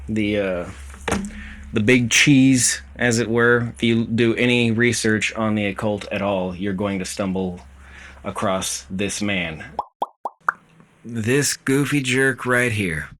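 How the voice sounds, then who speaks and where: A man's voice: on the low side, measured pace, a bit bright. A tired man hosting his own video channel, talking casually in a rambling, self-deprecating way with plenty of fillers. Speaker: host.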